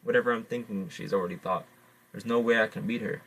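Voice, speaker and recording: A tricky male coyote, beaten and resigned, speaks in a spoken folk tale, voiced by a man telling the story. The storyteller's voice sits low, and the coyote halts and repeats his words. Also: fairly even intonation, quick pace, fairly bright tone, far from the mic, rough recording.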